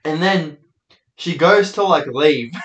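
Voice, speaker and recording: A man's voice: fairly high pitch, takes it slowly, a bit bright, highs cut off. Sweary young guy telling stories. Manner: rambling, sweary, laid-back anecdotes. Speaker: host. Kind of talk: casual storytelling monologue. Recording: echoey room.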